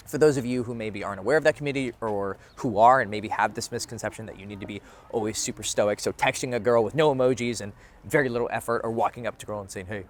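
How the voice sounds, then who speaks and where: Candid, swearing young man. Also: mid-range voice. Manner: candid, conversational, swears freely. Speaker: dating coach. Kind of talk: casual talk to camera. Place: outdoors near a bench.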